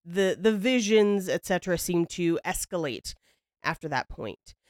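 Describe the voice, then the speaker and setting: A woman hosts a podcast and tells the story in loose conversation, wry and a little profane, laughing as she goes. Her voice is smooth and clear. The sound is close and dry, with no room around it. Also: on the low side, expressive, measured pace, no room sound. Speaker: podcast host. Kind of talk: casual storytelling chat.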